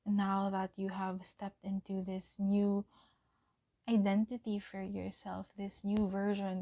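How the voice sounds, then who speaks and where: A young woman giving a pick-a-card tarot reading, gentle and encouraging, often giggling and saying um. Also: medium pitch, gravelly. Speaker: tarot reader.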